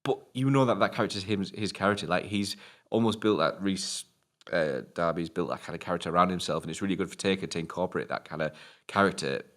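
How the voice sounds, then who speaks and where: Deep-voiced British man, sweary and enthusiastic. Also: quick pace, a bit bright. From Britain. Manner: sweary, enthusiastic, laughs often. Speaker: film review podcast co-host. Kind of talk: casual chat.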